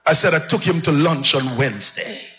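A male pastor preaching a sermon, telling a personal story with passion and swinging from low hushed lines to high cries. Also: normal speed. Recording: dull lo-fi sound.

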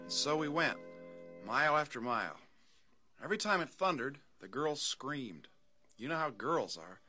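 A man's voice: medium pitch, very animated, normal speed, bright, forceful tone. An actor playing an earnest teenage schoolboy on a band trip, fussing over his dog in an old-time radio drama. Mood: narrating. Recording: radio drama with music behind.

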